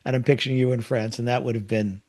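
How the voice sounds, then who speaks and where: A man's voice: mid-range voice, steady tone, fast, darkish tone. A male podcast host in casual, affirming conversation with his guest. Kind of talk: casual interview chat.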